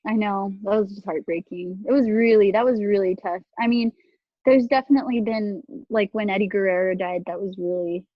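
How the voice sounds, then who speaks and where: A woman co-hosting a podcast over a remote call, chatting casually and laughing often. Her voice sits at an ordinary pitch and sounds dry and close. The audio is a bit dull and lo-fi. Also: brisk, dry recording. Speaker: podcast co-host. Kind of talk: casual chat. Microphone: video call.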